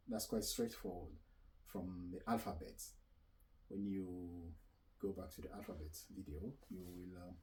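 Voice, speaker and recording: A man hosting a casual spoken lesson on pronunciation, talking slowly and hesitantly and repeating sounds aloud. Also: sits low, a little mellow, poor audio. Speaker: language teacher.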